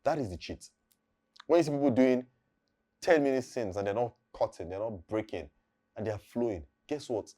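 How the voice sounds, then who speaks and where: A man's voice: medium pitch, normal speed, mellow. A man, an acting coach explaining how to deliver lines in a casual, emphatic teaching talk that repeats key points.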